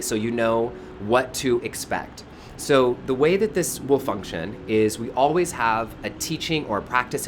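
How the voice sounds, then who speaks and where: A man from the Bay Area hosting a live online spiritual session outdoors, greeting viewers effusively by name. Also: mid-range voice. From California Bay Area. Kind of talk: live-streamed welcome and teaching. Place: outdoors in front of a high-up window. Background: faint outdoor noise.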